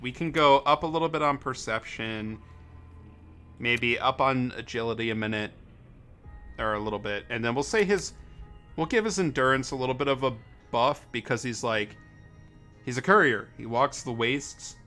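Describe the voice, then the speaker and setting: A man's voice: mid-range voice, normal speed, sharp tone, faint music behind. A young man casually commenting on a game during a live stream, rambling, correcting himself and laughing a lot.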